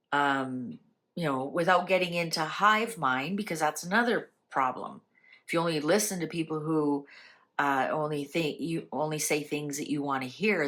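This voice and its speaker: Low-voiced woman in a spiritual talk. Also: fairly bright tone. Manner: conversational, rhetorical questions, frequent "right?". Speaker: channel host. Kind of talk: casual spiritual talk to camera.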